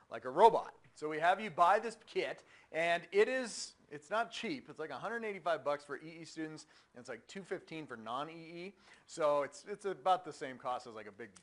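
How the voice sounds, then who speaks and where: Bright-voiced male engineering lecturer. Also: fairly high pitch. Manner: energetic, conversational, asks the room questions. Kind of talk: classroom lecture. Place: university lecture hall.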